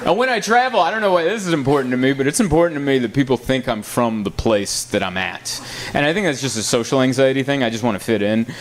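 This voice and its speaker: A man's voice: medium pitch, lively intonation, fast. A man doing a stand-up set, chatty and self-mocking, riffing off the audience. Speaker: stand-up comedian. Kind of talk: stand-up set with crowd work. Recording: live set with loud background noise. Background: audience laughter.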